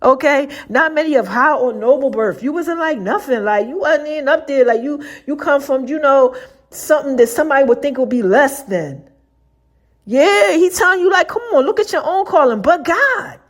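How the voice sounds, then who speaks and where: Woman host, casual preaching monologue, slightly high voice, talks straight to listeners. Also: expressive, moderate pace. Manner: informal, chatty, talks to listeners directly with y'all. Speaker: podcast host.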